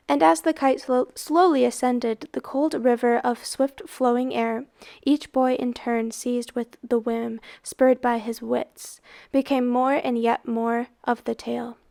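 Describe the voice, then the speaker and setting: A woman reading a novel aloud in an expressive, dramatic narrating manner. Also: a little high, unhurried, creaky. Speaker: reader. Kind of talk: storybook read-aloud.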